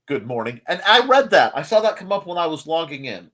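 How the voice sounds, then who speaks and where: A man's voice: fairly high pitch, very animated, fairly quick, a bit bright. A man hosting a casual live morning stream, rambling through chat greetings with jokey, self-deprecating asides. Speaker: host of a live morning show.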